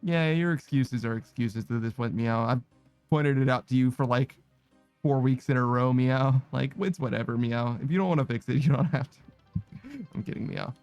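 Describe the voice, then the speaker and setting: A tired man on a live stream casually reads out viewer messages, tacking "meow" onto nearly every sentence and laughing and swearing as he goes. His medium-pitched voice moves at a moderate pace and sounds a little mellow and smooth. There's no echo, with faint music in the background.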